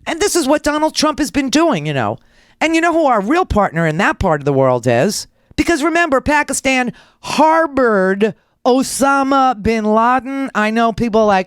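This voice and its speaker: A woman's voice: fairly high pitch, big pitch swings, moderate pace, clean tone, dry recording, clean studio sound. A middle-aged woman hosting a political talk radio show, ranting in a blunt, sarcastic and crude way.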